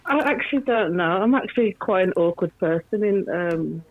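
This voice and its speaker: A woman's voice: medium pitch, animated, moderate pace. A woman with a Black Country accent, calling in to a live podcast, dry and self-deprecating, with light laughs. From Black Country, England. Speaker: caller. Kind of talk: casual phone-in chat. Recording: dull lo-fi call line.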